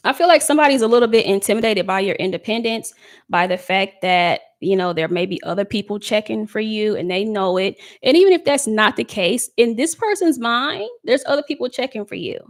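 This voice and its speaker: Chatty woman giving a tarot reading. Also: mid-range voice. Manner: chatty, reads chat comments aloud, laughs often. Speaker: tarot reader. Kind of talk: casual live tarot reading.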